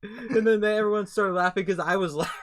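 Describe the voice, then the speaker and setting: Young male co-host, soft-spoken and halting, slight noise behind. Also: sits high, steady tone. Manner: quiet, soft-spoken, hesitant. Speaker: podcast co-host. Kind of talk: casual chat.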